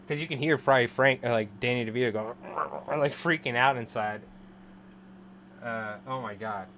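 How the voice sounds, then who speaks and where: A man's voice: mid-range voice, expressive, moderate pace, slight background noise. A man in his thirties chatting casually on a live stream while tying flies, rambling and laughing often. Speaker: live-streaming fly tyer.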